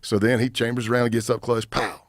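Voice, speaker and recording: A man in his fifties, a retired undercover agent and podcast guest, telling a story in an animated way and acting out what the other people said. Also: mid-range voice, fast talker, no echo, clean studio sound.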